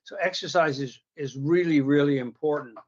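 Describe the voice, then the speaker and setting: A middle-aged man with a somewhat high voice explains technical matters as a podcast guest, with some "uh" fillers. The sound is a little muffled. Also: moderate pace, a little mellow. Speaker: guest, pathologist. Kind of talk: conversational explanation.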